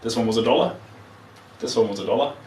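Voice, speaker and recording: A man's voice: mid-range voice, expressive, quick pace, a little mellow, far from the mic, slight background noise. A man with a New Zealand accent chatting casually to live viewers while he paints, trailing off as he works. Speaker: artist streaming live. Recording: roomy, mic set back from speaker.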